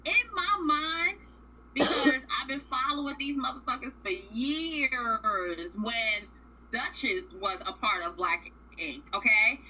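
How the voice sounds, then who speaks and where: A woman's voice: a little high, slow, pushed and bright, lo-fi sound, a little hiss or hum. A woman co-hosting a radio show, casually recapping a reality series in a blunt, profane, opinionated way.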